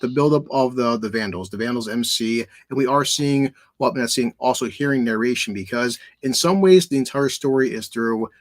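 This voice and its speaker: A man's voice: medium pitch, normal speed, few pauses. A man hosting a casual movie review podcast, rambling with frequent restarts. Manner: rambling, many restarts and fillers. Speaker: podcast host.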